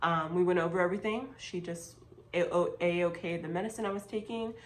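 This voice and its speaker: A woman's voice: lowish voice, steady tone, fairly quick, a little hiss or hum, rough recording. A young woman vlogger telling a personal story in a casual, chatty way, with lots of fillers and emphatic asides.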